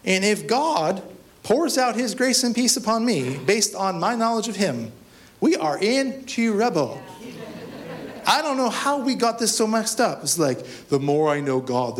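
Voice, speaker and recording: High-voiced animated male pastor preaching. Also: a little slow. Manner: conversational, animated preaching with direct questions to the congregation. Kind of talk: sermon. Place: church service.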